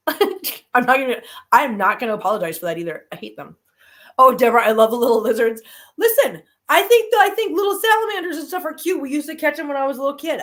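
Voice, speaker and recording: A live-stream host, she chats informally with viewers and tells animated stories, dipping into low grumbles and rising to high squeals, with a slightly bright tone.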